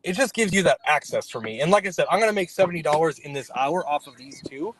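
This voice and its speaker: A man's voice: fairly high pitch, lively intonation, fast talker, a bit bright, slight background noise, low-quality recording. A man who works as a delivery driver, chatting casually while he drives, thinking aloud with plenty of fillers. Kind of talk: casual chat while driving.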